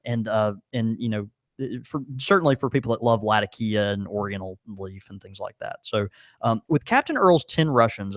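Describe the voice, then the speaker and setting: A man co-hosts a podcast in a loose, rambling way, full of ums and restarts. His pitch swings widely as he talks. The sound is dry and close. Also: no room sound. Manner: rambling, many fillers, animated. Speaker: podcast co-host. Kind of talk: casual chat.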